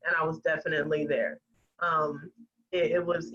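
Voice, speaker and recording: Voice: medium pitch, little pitch movement, moderate pace, a bit bright, dull audio. A podcast guest in casual chat, earnest and enthusiastic, speaking over a video call.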